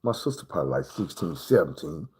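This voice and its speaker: A man's voice: extremely low pitch, sing-song, fairly quick, dark tone, slightly rough. A man telling a rambling, slangy personal story on a livestream, full of swearing and acted-out moments.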